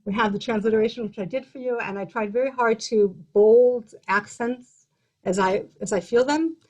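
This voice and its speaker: A woman's voice: a little high, normal speed, darkish tone, highs cut off. A woman cantor teaching a song over a video call, explaining in a chatty way with fillers and restarts. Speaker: cantor and guest host.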